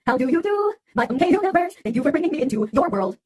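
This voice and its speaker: This is an eerie, sing-song genie-like greeter, as a woman puts her on, stuck in a loop and repeating her welcome. The voice sits high and runs along quickly. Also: very animated, crowd noise. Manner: sing-song, repetitive, stuck like a looping machine.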